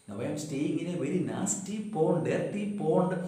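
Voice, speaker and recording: A man teaching a poem, slowly repeating and paraphrasing words and spelling them out. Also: fairly high pitch, expressive, warm tone, heavy reverb, poor audio. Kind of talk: explaining a poem line by line.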